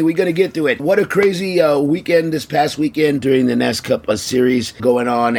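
A man's voice: medium pitch, fairly bright tone. A man hosting a motorsport fan podcast with a scratchy throat, chatting casually and often restarting his sentences. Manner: rambling, repeats words. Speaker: podcast host. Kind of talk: casual chat.

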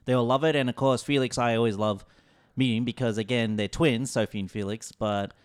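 Rambling Australian anecdote-teller. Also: male voice, medium pitch, fairly even intonation, fairly quick, no echo, clean studio sound. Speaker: podcast co-host. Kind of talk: casual chat. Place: studio.

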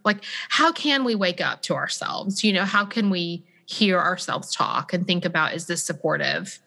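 A woman hosting a conversational podcast interview, chatty and animated, acting out example voices as she talks. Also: fairly low pitch, moderate pace, gravelly. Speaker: podcast host.

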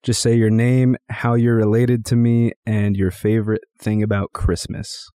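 A man hosts a casual podcast in a low, mellow voice, relaxed and chatty. He speaks close to a dry mic, easygoing as he introduces guests and recounts a story. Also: moderate pace, no echo. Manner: relaxed, chatty, retells stories with quoted voices. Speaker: podcast host.

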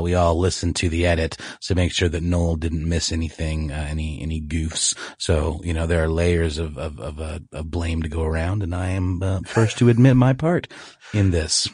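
A man's voice: low voice, steady tone, normal speed, darkish tone, husky, no room sound, clean studio sound. A man co-hosting a podcast in casual chat, hesitant and self-deprecating. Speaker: podcast co-host.

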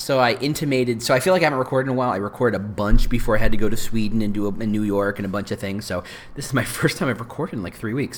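A middle-aged man talks through a casual solo podcast episode, chatty and rambling, stopping to correct himself and circle back. His pitch swings widely and lively from phrase to phrase. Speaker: podcast host.

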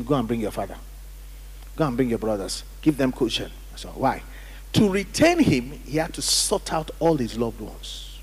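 A man's voice: fairly high pitch, a little mellow, slightly rough. A man preaching a sermon as pastor, emphatic, calling on the congregation to read and repeat after him. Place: church hall during service. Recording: church hall reverb.

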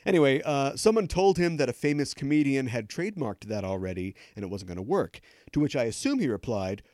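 A man's voice: medium pitch, animated, brisk, a little mellow, no room sound. A man hosting a podcast, delivering scripted news commentary with sarcastic, joking asides into a close studio mic. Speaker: podcast host.

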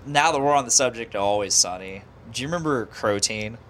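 A man's voice: mid-range voice, lively intonation, brisk, fairly bright tone, slight background noise. A man in casual chat who rambles through stories, swearing freely and restarting sentences.

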